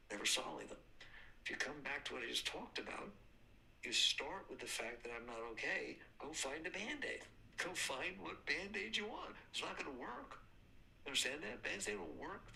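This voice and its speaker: Older man, spiritual teacher, gravelly voice, very forceful tone, emphatic and repetitive. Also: mid-range voice, a little hiss or hum, rough recording. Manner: emphatic, repeats and answers his own questions. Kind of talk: recorded spiritual talk.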